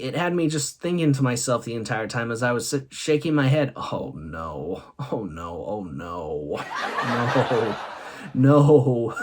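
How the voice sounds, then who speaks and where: A man hosting a vlog, telling comic stories and laughing often between punchlines. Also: mid-range voice. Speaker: host. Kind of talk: comic storytelling monologue.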